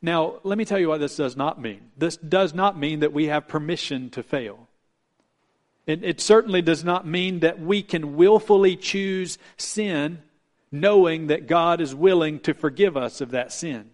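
A man delivers a sermon from the pulpit in a voice pitched a little high. He preaches earnestly, slowing his pace to press home each point. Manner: earnest preaching with emphatic slowdowns. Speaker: pastor.

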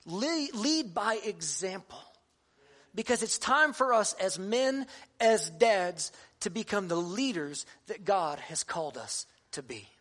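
A man's voice: high-pitched, animated, takes it slowly, fairly bright tone. A man in his thirties, a pastor giving a sermon to fathers, earnest and conversational with touches of humor.

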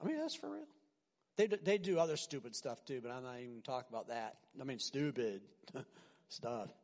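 A male pastor preaching an animated, conversational sermon full of rhetorical questions. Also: medium pitch, a little fast, long reverb tail.

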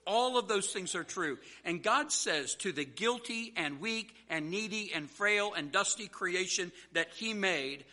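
Male pastor, slightly high, very sharp and forceful tone, earnest sermon delivery with call-and-answer emphasis. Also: animated, a little slow, few pauses. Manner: conversational storytelling with restarts.

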